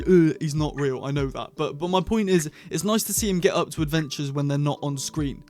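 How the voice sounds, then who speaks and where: A man talking casually to camera as he reviews a TV episode, chatty and animated, often restarting and correcting himself. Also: on the high side. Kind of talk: casual unscripted review vlog.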